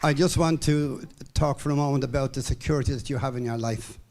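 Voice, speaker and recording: A man's voice: mid-range voice, fairly quick, a crowd in the background, background noise. A man in his seventies from Ireland giving an upbeat, rambling speech to a room of fellow distributors, full of fillers and restarts. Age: 70s. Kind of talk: speech to a live audience. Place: hall with an audience.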